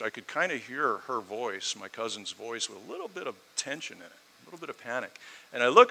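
A man's voice: medium pitch, bright, forceful tone. A man preaching a storytelling sermon, building his points through emphatic repetition.

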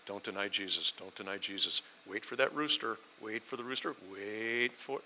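Peter, a nervous man repeating hushed reminders to himself, with a very bright tone, as a preacher puts him on. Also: mid-range voice, moderate pace, a little hiss or hum. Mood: muttering. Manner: hushed repetitive self-reminding mutter. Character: anxious apostle Peter muttering reminders to himself.

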